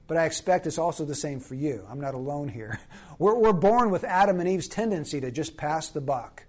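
High-voiced man preaching earnestly. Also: expressive. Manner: earnest, emphatic preaching with slow, stressed phrases. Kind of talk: sermon.

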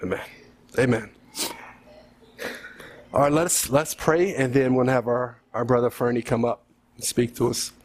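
A man's voice: medium pitch, fairly even intonation, unhurried, pauses often. A male preacher giving an earnest sermon, then leading a prayer, pleading with listeners and often calling out "saints" and "God".

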